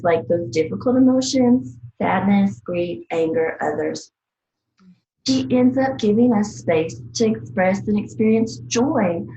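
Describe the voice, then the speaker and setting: A woman's voice: medium pitch, reverberant, highs cut off, slight background noise. A woman from the American South, an herbalist teacher, speaking in an earnest, reflective way and often laughing and acting out little bits of dialogue. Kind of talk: reflective casual talk.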